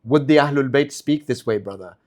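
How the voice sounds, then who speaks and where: A man's voice: mid-range voice, brisk, a little mellow, natural voice. A man voicing a preachy male superhero who scolds in a sugary, pious tone.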